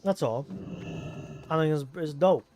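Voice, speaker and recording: A man's voice: on the high side, unhurried, dark tone, soft background music. A man from Southern California with a Southern Californian accent, streaming a game and chatting casually in a rambling, laid-back way. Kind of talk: casual chat while gaming.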